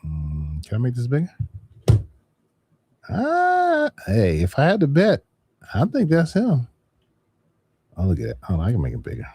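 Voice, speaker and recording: Animated man hosting a call-in stream. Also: medium pitch, brisk, long pauses, husky. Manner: animated, repeats phrases, laughs often. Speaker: livestream host. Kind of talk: casual call-in chat.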